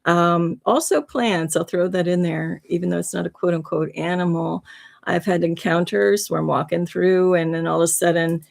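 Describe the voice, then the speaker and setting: Gravelly earnest woman host. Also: fairly low pitch, steady tone, normal speed. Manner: earnest, heartfelt, rambling with restarts. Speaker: livestream host. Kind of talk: casual spiritual storytelling.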